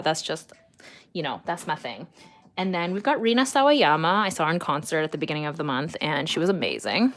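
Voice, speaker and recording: A young woman chatting casually on a home art livestream, rambling with lots of fillers and small laughs. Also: fairly low pitch. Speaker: artist streaming live.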